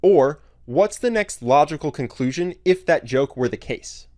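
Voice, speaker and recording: A man giving scripted narration in a clear, explanatory way. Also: on the high side, lively intonation, unhurried, darkish tone, dry recording, studio quality.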